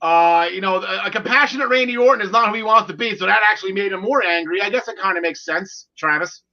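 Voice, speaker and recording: A man in his forties hosting a casual wrestling podcast, excitable and jokey, with lots of fillers. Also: high-pitched, fast talker. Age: 40s. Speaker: podcast host. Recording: lo-fi audio.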